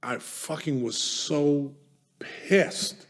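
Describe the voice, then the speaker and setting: This man co-hosts a podcast, and his voice is fairly high and very slow. He tells stories in casual chat, swearing often and landing his points with emphasis.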